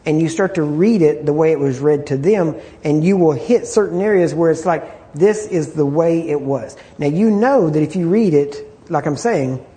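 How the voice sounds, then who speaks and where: Mellow, throat-clearing male Bible teacher. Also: on the high side, moderate pace, few pauses. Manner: conversational and repetitive, clears throat often. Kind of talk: informal Bible study teaching.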